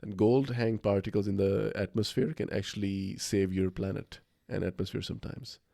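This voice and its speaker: A man co-hosts a podcast, rambling enthusiastically in casual conversation with plenty of fillers and restarts. His voice is low, gravelly and dark, fairly even in intonation at a normal speed. The studio-quality recording has no room sound.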